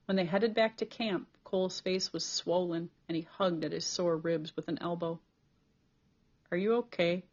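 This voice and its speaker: A woman reading a novel chapter aloud as an audiobook reader, with steady, clear storytelling. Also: on the low side, normal speed, hardly any pauses, lo-fi sound.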